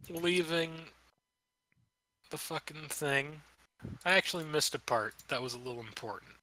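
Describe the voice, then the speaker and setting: A man's voice: mid-range voice, sharp tone, rough recording. A young man recapping a tabletop game as dungeon master in a rambling, profane, offhand way.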